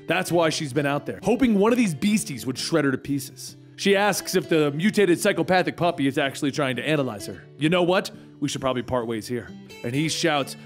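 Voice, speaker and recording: A man with a gravelly, creaky voice recounts a comic book story dramatically, as if telling it to a friend. His voice sits a touch higher than most men's. The delivery is conversational yet theatrical. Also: lively intonation, fairly quick, faint music behind.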